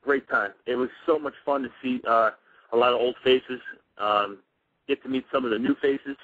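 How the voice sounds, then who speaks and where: Bright-toned man telling a rambling story. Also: medium pitch, steady tone, moderate pace, breathy edge, no echo. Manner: rambling, with many restarts and quoted dialogue. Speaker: former pro wrestler, guest. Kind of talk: casual storytelling in a radio interview. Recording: dull lo-fi radio audio.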